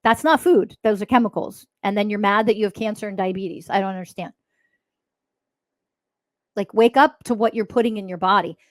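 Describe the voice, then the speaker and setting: A woman's voice: medium pitch, moderate pace, pauses often, no echo. A woman hosting a spiritual podcast, talking in a blunt, profane, mocking monologue. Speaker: podcast host.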